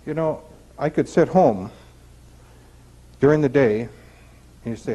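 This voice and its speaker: A man's voice: medium pitch, normal speed, pauses often, dark tone, husky, rough recording. A middle-aged man speaking to a group about recovery, talking conversationally and asking rhetorical questions. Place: retreat center meeting room.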